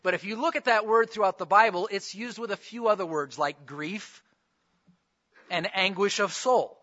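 High bright-voiced male preacher. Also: moderate pace, muffled recording. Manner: conversational preaching with rhetorical questions. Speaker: pastor. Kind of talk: sermon.

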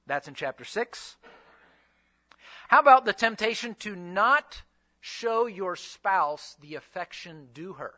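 Man preaching, high lively voice, bright tone, rhetorical questions, dull lo-fi sound. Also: slow pace. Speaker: pastor and seminary teacher. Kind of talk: sermon.

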